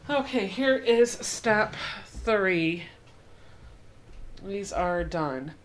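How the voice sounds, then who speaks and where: A woman's voice: medium pitch, big pitch swings, slow, slight background noise. A young adult woman hosting a casual home sewing tutorial, chatty and self-deprecating as she walks through each step. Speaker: quilting channel host.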